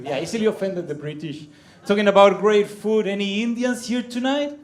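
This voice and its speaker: A man's voice: high-pitched, moderate pace, echoey room. A man doing a playful stand-up set, laughing at his own jokes. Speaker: stand-up comedian. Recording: live comedy club room.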